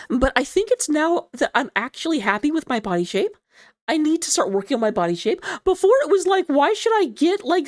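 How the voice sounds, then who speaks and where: A woman's voice: sits high, no room sound, clean studio sound. A woman casting a recorded esports match on her own, chatty and self-deprecating, with frequent asides and apologies while she recovers from surgery. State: recovering from surgery, sitting low in her seat. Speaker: esports caster. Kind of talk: solo game commentary mixed with personal chat.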